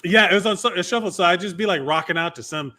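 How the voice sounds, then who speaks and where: Bright-voiced rambling man. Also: high voice, fast talker. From Miami, USA. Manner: rambling, lots of fillers and restarts. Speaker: podcast co-host. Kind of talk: casual chat.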